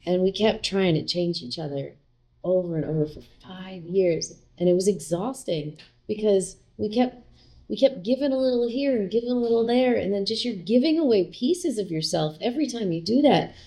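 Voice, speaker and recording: A woman's voice: mid-range voice, moderate pace, mellow. A middle-aged woman, a guest in a casual interview, telling a personal story in a chatty way, full of fillers and quoted dialogue.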